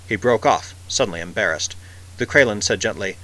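A man narrating a science fiction story in a measured, vivid way. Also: on the low side, animated, sharp tone, poor audio. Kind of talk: scripted audiobook narration.

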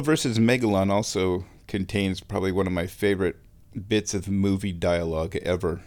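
A man hosting his own show, talking in a relaxed, rambling way while lying down and chuckling often. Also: low-pitched, moderate pace. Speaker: solo show host. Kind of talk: casual monologue.

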